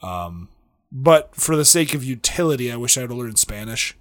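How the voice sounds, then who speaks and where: A man's voice: medium pitch, animated, moderate pace, fairly bright tone, no echo, studio quality. A man chatting casually, joking and rambling with lots of fillers and restarts as he talks about his work with glass. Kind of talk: casual chat.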